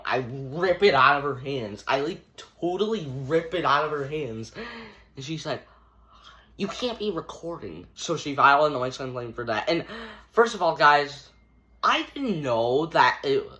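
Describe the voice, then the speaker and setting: A man's voice: medium pitch, sharp tone. A teenage boy telling a story casually to camera, rambling with lots of fillers like "like" and "dude" and acting out scenes with gestures. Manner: acts out scenes with hand gestures. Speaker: storytime vlogger.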